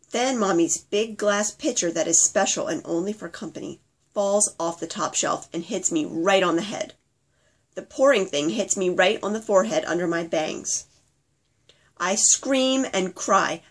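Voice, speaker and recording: A woman reading her own childhood memoir aloud, telling it simply and earnestly in the voice of her five-year-old self. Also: on the low side. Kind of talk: memoir reading told in a child's present-tense voice.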